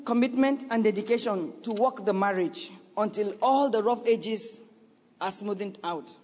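A middle-aged woman pastor preaches to her congregation, her words pleading and earnest. At times she drops to a hushed, slowed delivery before rising again. Her voice carries a long reverb through a big church hall. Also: fairly high pitch. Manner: earnest and pleading, with sudden drops to a soft, slow voice. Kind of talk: sermon. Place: church sanctuary.

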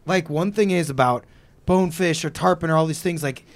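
Podcast host, man, casual and excitable, slangy, slightly high pitch. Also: brisk. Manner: excitable, swears, says "like" and "dude" a lot. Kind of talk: casual chat.

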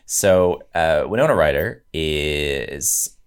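A man's voice: very deep voice, takes it slowly, smooth. A man co-hosting a podcast, chatting casually about a film, swearing freely and acting out quotes. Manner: animated, swearing, mimics quotes in exaggerated voices. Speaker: podcast co-host.

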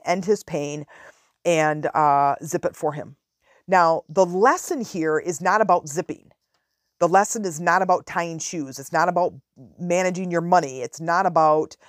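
A woman's voice: fairly low pitch, no echo, clean studio sound. A woman in her forties telling a parenting story in a frank, casual monologue as a podcast host. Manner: frank, conversational, drawn-out emphasis.

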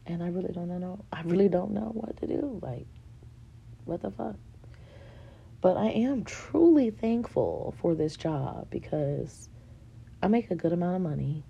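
A woman's voice: lowish voice, expressive, unhurried, creaky, warm tone, breathy edge, dull audio. A woman in her thirties venting candidly in a personal vlog, rambling frankly with fillers and swearing. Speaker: vlogger.

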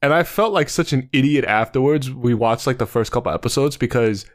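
A man co-hosts a podcast in easygoing, casual chat. He speaks in a relaxed way, using crude slang and chuckling between remarks. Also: medium pitch, brisk. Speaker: podcast co-host.

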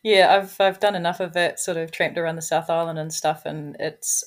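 Lively New Zealand woman, lower voice. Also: moderate pace. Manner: lively, laughs often, many "like" and "you know" fillers. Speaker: guest, hiker. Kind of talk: casual storytelling in a podcast interview.

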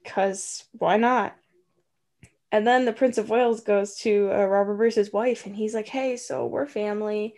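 A woman casually retelling a film plot, tossing in quick offhand voices for the characters. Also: medium pitch, flat delivery, darkish tone. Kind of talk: casual chat.

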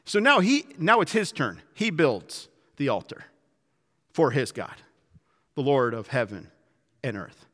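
A man preaching a sermon in a dramatic way, acting out quotes and swinging from loud to hushed. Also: medium pitch, wildly swooping pitch, measured pace, pauses often, big-room sound. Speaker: pastor.

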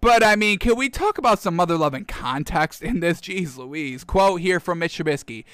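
A man hosting a football talk show, ranting in a heated, animated way and calling out to his folks, close on a studio mic. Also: high voice, moderate pace, few pauses, no echo. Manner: heated, animated, keeps addressing the audience as folks. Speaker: sports show host. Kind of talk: casual football rant. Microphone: close studio microphone.

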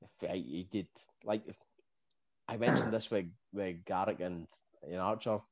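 Low-voiced man, relaxed podcast chat. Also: a little slow. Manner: laid-back, laughs often. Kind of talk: casual chat.

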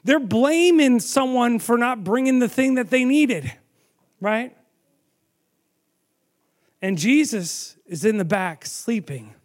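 A man preaching a sermon, telling the story with animated storytelling and asking the audience questions. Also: very high-pitched, slow pace, pauses often.

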